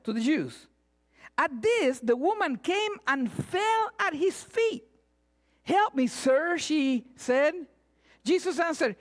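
A woman preaching a sermon, retelling scripture with animated asides and acted-out cries. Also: high voice, slow. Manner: animated, acts out voices and cries.

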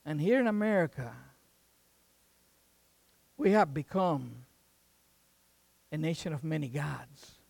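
An emphatic preacher in full sermon, tossing out rhetorical questions and folksy asides. The voice swings widely in pitch and sounds close and dry, with no room echo. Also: lively intonation, slow pace, vocal fry, pauses often, a little mellow.

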